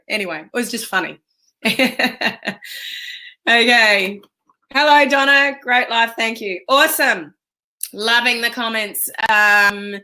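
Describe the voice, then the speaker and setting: An Australian woman, working as a business coach, gives an emphatic and energetic motivational talk while chatting with viewers on a live stream. Her voice is a little high.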